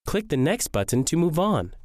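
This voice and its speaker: A man narrating a scripted English lesson, reading slowly and clearly. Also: on the high side, very animated, darkish tone, dry recording, studio quality. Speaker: English teacher.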